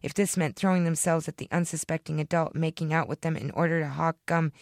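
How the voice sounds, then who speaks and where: A woman reading her own short story aloud in a deadpan storytelling manner, close to the microphone. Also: low-pitched, fast talker, no echo. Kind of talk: fiction reading.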